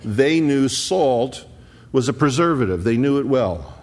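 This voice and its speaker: A man preaching a sermon, explaining scripture conversationally and stressing key words with slow, emphatic pauses. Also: medium pitch, lively intonation, darkish tone. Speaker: pastor.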